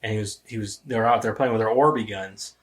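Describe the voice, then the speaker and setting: A man's voice: fairly low pitch, quick pace. A man in his thirties hosting a casual podcast chat, rambling and laughing through stories, tossing in "man" and "dude". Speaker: podcast host.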